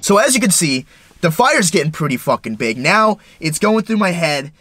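A young man vlogging, retelling a story in an excitable, profane way with lots of stumbles and restarts. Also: a little high, moderate pace, no room sound. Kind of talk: casual storytelling.

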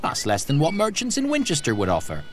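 An actor playing a shrewd but friendly shepherd who talks in a plain, easygoing way in a video game. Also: male voice, a little high, wildly swooping pitch, fast talker, a little hiss or hum. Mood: haggling. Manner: plain-spoken, easygoing haggler.

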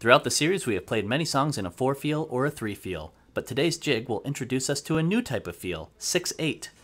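A man's voice: medium pitch, big pitch swings, a little fast, fairly bright tone. A man teaching accordion who explains methodically and counts beats aloud. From United States. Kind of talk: instructional music lesson. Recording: accordion playing throughout.

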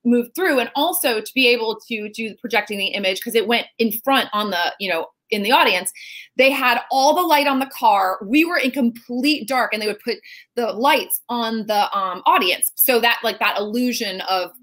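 Bright, slightly high-voiced woman guest; animated, chatty storyteller over a video call. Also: moderate pace. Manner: chatty and animated, many "like" fillers. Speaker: Broadway performer guest. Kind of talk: casual video interview storytelling.

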